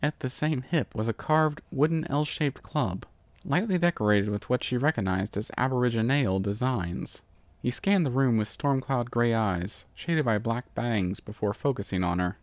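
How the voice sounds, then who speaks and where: A man narrating a fan fiction story in a steady, even reading. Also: medium pitch, moderate pace, no echo. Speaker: reader.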